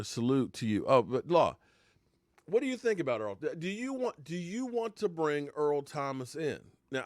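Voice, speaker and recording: A middle-pitched man talks through a casual live sports stream. He rambles, reacts to viewer comments and now and then hams up mock heartbreak. The sound is dry and close, with no room echo.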